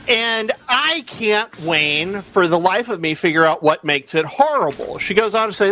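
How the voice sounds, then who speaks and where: A man speaking as a guest on talk radio, his voice a bit higher than most. He argues with animated emphasis and quick asides, recorded with a dry sound that has no room behind it. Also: no echo. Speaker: radio show guest, news editor.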